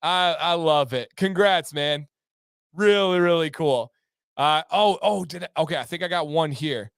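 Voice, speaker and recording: Upbeat high-voiced male livestream host. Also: a little slow, creaky, clear, resonant tone, no room sound, studio quality. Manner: upbeat, reads chat aloud and breaks into playful raps. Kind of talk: casual livestream chat.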